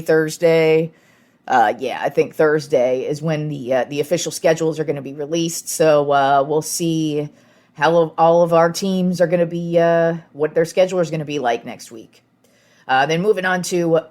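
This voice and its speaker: A young woman hosting a casual sports podcast, talking frankly and with plenty of filler words. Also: low-pitched.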